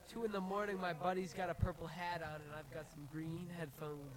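High-voiced hyped radio man. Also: steady tone, a little fast, few pauses, crowd noise, low-quality recording. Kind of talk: casual late-night radio intro.

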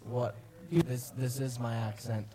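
A man co-hosting a late-night radio show, playful and deadpan. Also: mid-range voice, slow pace.

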